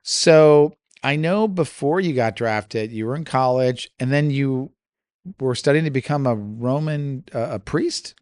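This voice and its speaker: A man's voice: medium pitch, a little slow, a little mellow, no room sound. A man hosting a podcast, asking friendly, rambling questions in a casual interview. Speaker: podcast host.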